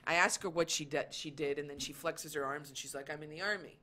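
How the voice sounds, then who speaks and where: A woman comedian chats as a guest on a talk show, her voice bright and pitched on the low side for a woman. She tells stories in an animated way and acts out what other people said. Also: a little fast. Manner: animated storytelling, acts out quoted lines. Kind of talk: casual chat.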